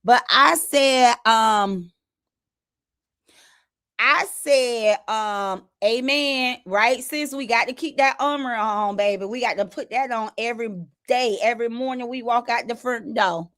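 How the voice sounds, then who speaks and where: A livestream host with a somewhat high voice runs a casual stream at a measured pace, animatedly retelling conversations and quoting what others said. She talks directly to her chat, and the dry, close recording has little room sound.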